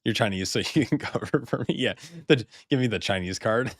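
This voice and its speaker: A man's voice: fairly low pitch, lively intonation, a little fast, no room sound, clean studio sound. A man streaming a video game in casual chat, swearing, laughing often and stammering when surprised.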